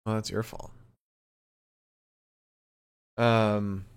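A man's voice: on the low side, flat delivery, extremely slow, clear, resonant tone. A man hosting a podcast, casually recapping a show with loose, rambling speech. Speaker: podcast host recapping wrestling. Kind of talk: casual chat.

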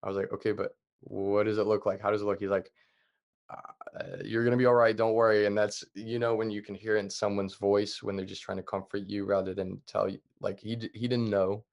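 A young adult man talks as a podcast guest, his low voice gravelly with vocal fry. He keeps an even, flat delivery and tells events plainly, leaning on fillers as he goes. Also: brisk, few pauses. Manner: calm, plain retelling with many fillers. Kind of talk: casual storytelling.

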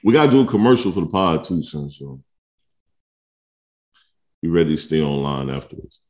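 A man in his thirties co-hosting a podcast in relaxed casual chat, laughing often and telling stories about his kids. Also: rumbling low, normal speed. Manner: laid-back, laughs often, tells stories with kid voices. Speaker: podcast co-host.

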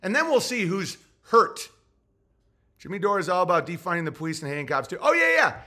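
Guy ranting on his podcast, high pitched, sarcastic and sweary. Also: big pitch swings, fairly quick, bright, forceful tone. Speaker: podcast host. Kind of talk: podcast rant.

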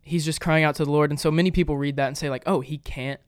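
A man's voice: on the high side, flat delivery, rapid-fire, clear, resonant tone, dry recording. A man co-hosting a casual podcast, earnestly explaining a Bible passage with frequent fillers and restarts. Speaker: podcast co-host.

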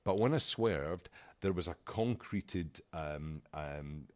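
This man from the United Kingdom has a low-pitched voice and speaks slowly, with no echo. He's a podcast co-host at a desk in a small room, telling a story in relaxed chat and animatedly imitating the other people involved.

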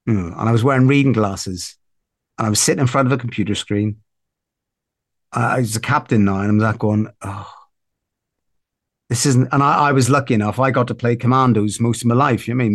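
A man's voice: mid-range voice, no echo, clean studio sound. A man, a podcast guest chatting casually, rambling with lots of restarts. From Northern Ireland. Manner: rambling, many restarts, animated when amused. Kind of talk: casual interview chat.

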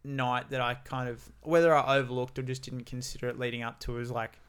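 A young man, co-hosting a podcast in a relaxed, rambling chat. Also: mid-range voice, a little fast, smooth. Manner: relaxed, rambling, many fillers. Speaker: podcast co-host. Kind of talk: casual chat.

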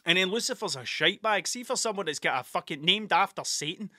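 A man's voice: high voice, animated, fairly quick, pushed and bright, no room sound, clean studio sound. A man telling a rambling, sweary story in a casual podcast monologue, laughing as he goes. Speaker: podcast host and artist.

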